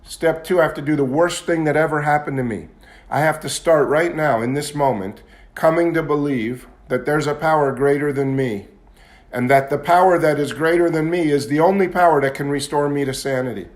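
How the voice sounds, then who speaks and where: A man's voice: on the high side, brisk. A man giving a candid, confessional talk at a recovery meeting, at times building into agitated intensity. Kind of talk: personal testimony talk.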